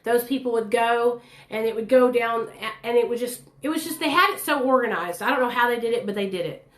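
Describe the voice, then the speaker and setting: A woman with a fairly high voice talks straight to her viewers, blunt and candid in casual storytelling. The sound bounces around an echoey room. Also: brisk, fairly bright tone. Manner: candid, blunt and chatty, addresses viewers directly. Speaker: vlogger telling her recovery story.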